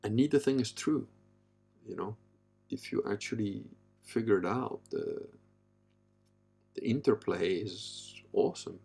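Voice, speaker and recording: A man in his fifties hosting a casual monologue, blunt and profane, with a gravelly voice. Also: a little slow, pauses often, warm tone. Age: 50s. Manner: blunt and profane, mimics others in a high falsetto. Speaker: podcast host. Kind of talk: casual live-stream monologue.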